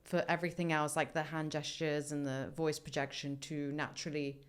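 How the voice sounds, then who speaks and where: A woman hosting a relaxed podcast chat. Her voice sits lower than most women's. She asks curious follow-up questions and murmurs along as her guest talks. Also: fairly quick, clean tone. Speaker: podcast host. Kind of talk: casual podcast conversation.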